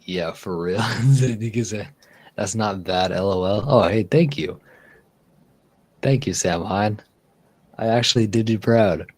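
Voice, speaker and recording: A man's voice: on the low side, a little slow, pauses often, a little mellow. A man hosting a casual livestream, chatting in a rambling way with easy laughs and repeated words. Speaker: livestream host. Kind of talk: casual chat.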